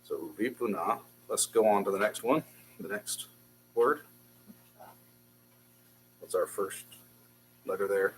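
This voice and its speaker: A man's voice: fairly low pitch, lively intonation, slow pace, pauses often, slight background noise, rough recording. A man teaching a beginners' Hebrew class, patiently drilling syllables and encouraging his students. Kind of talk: classroom language lesson.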